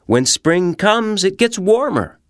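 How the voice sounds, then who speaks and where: A man doing a gentle, patient big bear. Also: sits high, big pitch swings, voice pushed up, exaggerated voice. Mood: reassuring. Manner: patient, reassuring, explains slowly.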